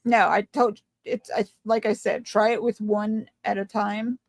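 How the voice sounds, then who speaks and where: A woman's voice: mid-range voice, fairly even intonation, moderate pace, gravelly, no room sound. A middle-aged woman teasing friends and giving crafting tips in casual chat. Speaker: co-host of a crafting livestream.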